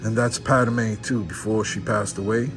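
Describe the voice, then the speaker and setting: Awestruck man unboxing cards, slow talker. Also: fairly low pitch, steady tone. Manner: awestruck, repeating exclamations. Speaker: card collector opening packs. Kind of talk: excited unboxing commentary. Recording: background music.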